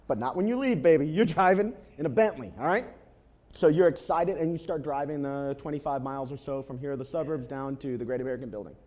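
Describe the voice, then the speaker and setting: Standing before his congregation in church, a pastor at medium pitch preaches a sermon built around an animated story. He hammers his points home through emphatic repetition.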